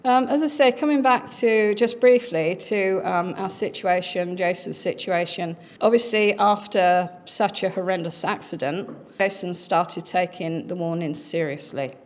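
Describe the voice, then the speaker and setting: A woman's voice: fairly low pitch, unhurried, hardly any pauses. Chatty woman telling a story. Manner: chatty, frequent fillers, acts out quoted voices. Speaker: conference speaker. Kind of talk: conference talk, personal anecdote.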